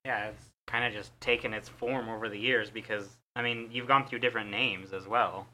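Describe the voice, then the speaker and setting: A man's voice: lowish voice, steady tone, normal speed, bright, forceful tone, slight background noise, poor audio. A man co-hosting a casual podcast, reminiscing and chuckling as he prompts his guest. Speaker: podcast co-host.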